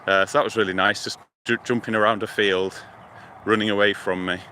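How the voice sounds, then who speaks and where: A live-stream vlogger from the United Kingdom walks outside by a lake and river close to a motorway, phone held up, rambling casually to his viewers as he thinks aloud. His voice is on the low side and brisk. Traffic hums behind him.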